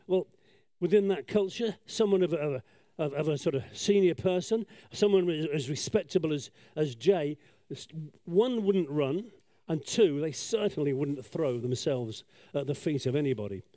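A man's voice: a little high, lively intonation, moderate pace, few pauses, dark tone, no echo, studio quality. A man telling a story while painting on a sketchboard, chatty and self-deprecating, with lots of asides. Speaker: children's talk storyteller.

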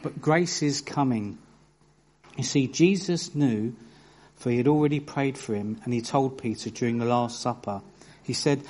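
A man preaching a sermon, telling stories with earnest emphasis and reading scripture aloud in a measured way. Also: mid-range voice, a little mellow. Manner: earnest storytelling with bursts of emphasis.

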